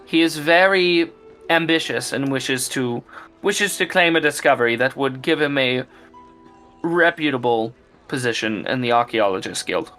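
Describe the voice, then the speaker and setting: A man's voice: medium pitch, moderate pace, sharp tone, faint music behind, close to an everyday voice. A man voicing a haughty, bossy woman archaeologist who speaks curtly and gives orders. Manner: curt, commanding.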